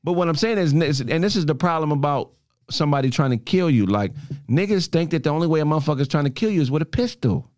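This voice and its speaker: A man's voice: a little high, lively intonation, quick pace, darkish tone, dry recording, clean studio sound. A man in a casual group chat, talking bluntly and emphatically with heavy profanity.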